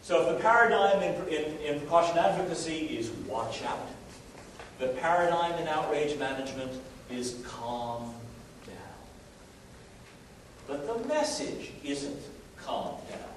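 A man's voice: fairly high pitch, measured pace. Wry man lecturing in an echoey hall. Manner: wry, conversational, with many fillers and restarts. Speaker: lecturer on risk communication. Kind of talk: live lecture to an audience. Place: room full of listeners. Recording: very echoey room, distant mic, steady noise.

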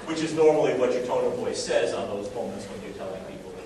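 A man's voice: on the high side, fairly quick, few pauses. Wry man lecturing in an echoey hall. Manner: wry, conversational, with many fillers and restarts. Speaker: lecturer on risk communication. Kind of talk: live lecture to an audience. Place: room full of listeners. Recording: very echoey room, distant mic, steady noise.

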